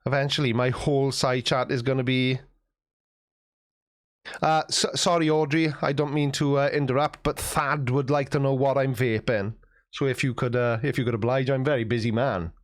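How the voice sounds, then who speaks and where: A man's voice: medium pitch, steady tone, normal speed. A man hosting a casual livestream, reading chat messages aloud and answering them with wry, self-mocking banter.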